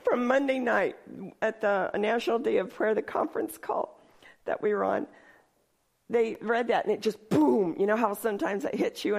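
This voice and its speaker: A woman leading a church service who reads scripture slowly, then preaches in a lively, chatty way and often laughs while speaking. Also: a little high, gravelly. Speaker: church worship leader. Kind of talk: sermon.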